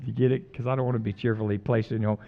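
Casting: middle-aged man, pastor, folksy storyteller, mid-pitched voice, slightly muffled recording. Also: flat delivery, rapid-fire, vocal fry. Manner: folksy, jokey, swings between loud emphatic preaching and quiet asides. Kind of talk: conversational sermon with stories.

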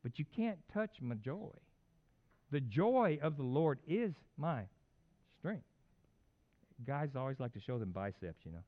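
A middle-aged man preaching a sermon, animated and conversational, with folksy asides. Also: medium pitch, a little slow, pauses often. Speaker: pastor. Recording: dull lo-fi sound.

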